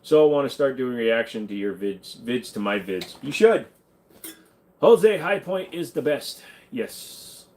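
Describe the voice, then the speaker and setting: Host: a man of middle pitch, blunt and offhand, joking through a casual livestream Q&A. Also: expressive, a little slow, a little mellow. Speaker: channel host.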